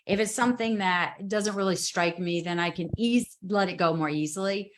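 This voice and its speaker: In a casual live video chat, a guest speaker tells a story with animated emphasis and quick asides. She speaks at medium pitch, and there's a little hiss or hum in the audio.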